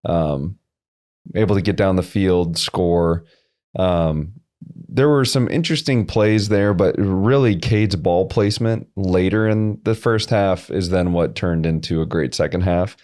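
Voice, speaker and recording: A man co-hosting a sports podcast, breaking down plays in a dry, measured way. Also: deep voice, darkish tone. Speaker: podcast co-host. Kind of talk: casual sports chat.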